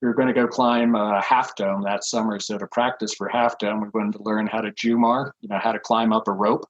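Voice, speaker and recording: A man's voice: fairly low pitch, little pitch movement, a little fast, lo-fi sound. A man in his sixties, a podcast guest telling rambling stories with lots of fillers and chuckles. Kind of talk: casual anecdotal storytelling.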